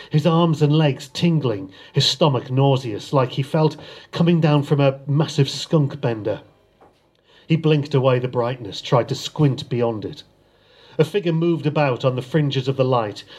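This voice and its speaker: A man, an author, chatting briefly and then reading the opening of his crime novel at a live event, in a steady narrating manner. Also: mid-range voice.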